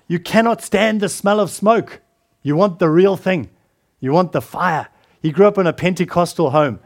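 High-voiced earnest male preacher. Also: darkish tone. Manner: earnest, repeats words and restarts. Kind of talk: sermon.

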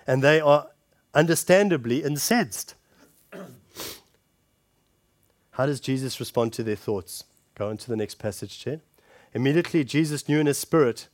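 A man preaching a sermon, calling his listeners friends and shifting between forceful punches and hushed scripture reading. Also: mid-range voice, dry recording, clean studio sound. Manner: emphatic, addresses the congregation directly as friends.

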